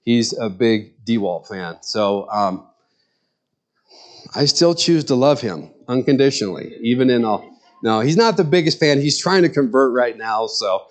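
A man's voice: medium pitch, expressive, a little slow. Earnest middle-aged man preaching a sermon. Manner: conversational, earnest, personal anecdotes. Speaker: pastor.

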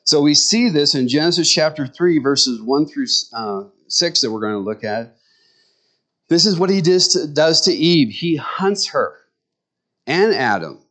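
A man's voice: a little high, lively intonation, a little slow, fairly bright tone. A middle-aged man preaching a sermon in a conversational way, with joking asides to the congregation. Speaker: pastor.

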